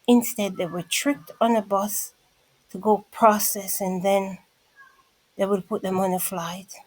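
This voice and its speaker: A woman's voice: mid-range voice, little pitch movement, unhurried, dry recording, rough recording. A woman vlogger giving a casual commentary monologue, emphatic and repetitive, speaking straight to her listeners.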